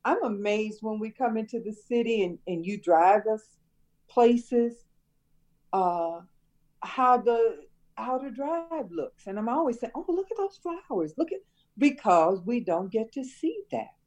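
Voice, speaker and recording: An older woman, a retired schoolteacher from Chicago, reminiscing in a relaxed conversation and laughing often. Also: fairly high pitch, takes it slowly. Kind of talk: casual conversation.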